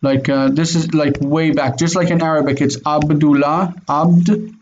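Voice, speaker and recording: A man teaching Hebrew in an online class explains things patiently and affirms his students with frequent "mm-hmm"s. His voice sits on the high side, steady in tone and a little mellow, at a normal speed. The audio is dull and lo-fi, with faint noise.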